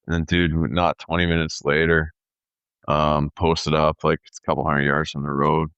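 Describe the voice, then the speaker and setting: A man in his thirties telling a story in casual podcast chat, animated and peppered with "dude" and "like". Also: a bass voice, normal speed, clean tone, no room sound, lo-fi sound. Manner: animated storyteller, says "dude" and "like", acts out quoted voices. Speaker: podcast co-host.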